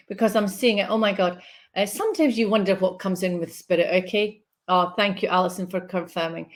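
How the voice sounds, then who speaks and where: Woman, spiritual medium, soothing live reading, reassuring check-ins. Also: mid-range voice.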